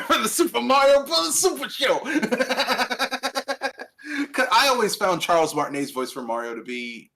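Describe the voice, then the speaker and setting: A man co-hosting a podcast in casual chat. He is animated and profane and laughs often. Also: extremely high pitch, measured pace. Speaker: podcast co-host.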